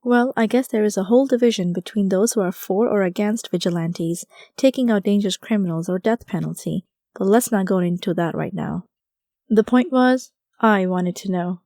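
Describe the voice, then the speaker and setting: A woman narrates a first-person audiobook in a wry, conversational way. Her voice is mellow and soft-edged. The recording is dry and close, with no room sound. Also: medium pitch, normal speed, dry recording.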